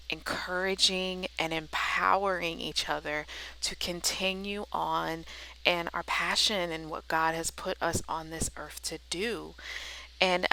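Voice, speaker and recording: A woman's voice: fairly low pitch, vocal fry, sharp tone, rough recording. A woman vlogging about Bible journaling, talking in an earnest, encouraging, faith-filled way. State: tearful. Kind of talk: heartfelt casual vlog talk.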